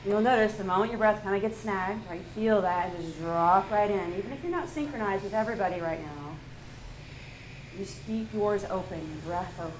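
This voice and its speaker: A woman teaching a live yoga class, giving calm pose and breath cues with playful laughs. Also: mid-range voice, fairly quick, slight background noise. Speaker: yoga instructor. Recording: echoey room.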